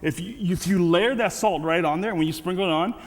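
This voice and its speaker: Guy preaching casual style, bit higher voice, lots of "you know", long hall echo. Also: fairly quick. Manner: conversational, frequent restarts and "you know". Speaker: guest speaker. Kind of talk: casual sermon. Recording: reverberant hall.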